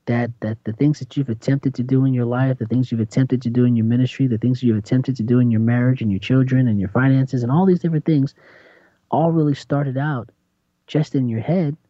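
A man talks through scripture in a lively, preaching style, often acting out what people might say. His tone is mellow and warm. The sound is dry and slightly dull, with a lo-fi feel. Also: mid-range voice, a little fast, dry recording. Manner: animated, laughs often, acts out quotes. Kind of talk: preaching-style faith talk.

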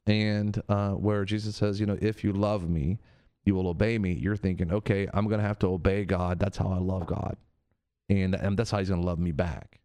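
A man's voice: deep voice, level tone, normal speed, dark tone, clean tone. A man preaching conversationally, earnest and repetitive, sometimes acting out the voices he quotes. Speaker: preacher on a radio show.

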